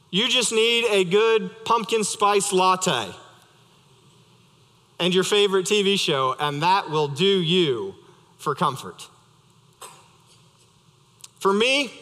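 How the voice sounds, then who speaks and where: A man's voice: sits high, pushed and bright. A young adult male pastor preaching a sermon, conversational and storytelling with light humor, in a church sanctuary. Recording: reverberant church hall.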